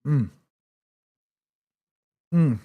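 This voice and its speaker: Talking extremely slowly, with phone-quality sound, a livestream host leads a casual watchalong from his room. He has a sore throat, chats freely, reads chat messages aloud, and eats between lines.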